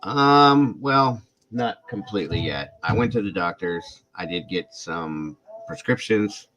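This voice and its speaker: A man's voice: on the low side, expressive, slow pace, a bit bright, soft background music, rough recording. A man hosting a casual livestream, greeting viewers by name in a friendly way, his voice congested from illness. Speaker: true crime YouTube livestream host.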